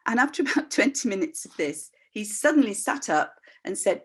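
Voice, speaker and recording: Older woman, voice practitioner, candid and expressive storyteller on a video call. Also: a little high, normal speed, few pauses, husky. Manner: expressive, acts out voices in her stories; candid, reflective, with frequent restarts. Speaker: voice practitioner and workshop leader. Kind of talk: personal storytelling talk.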